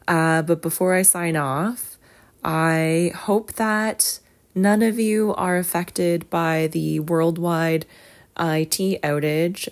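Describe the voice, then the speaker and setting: A woman hosting a solo podcast, rambling and self-deprecating, with lots of fillers. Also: deep voice. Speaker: podcast host. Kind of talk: casual solo podcast chat.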